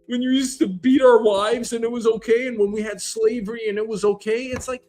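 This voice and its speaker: A man's voice: very high voice, steady tone, a little fast, a little mellow, faint music behind. A man hosting a show, ranting incredulously and swearing a lot in comedic commentary. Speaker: show host.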